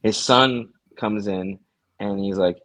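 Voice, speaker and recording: A man's voice: fairly low pitch, slow pace, fairly bright tone, no echo, rough recording. A man co-hosting a casual TV recap chat, laid-back and slangy, laughing often. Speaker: podcast co-host.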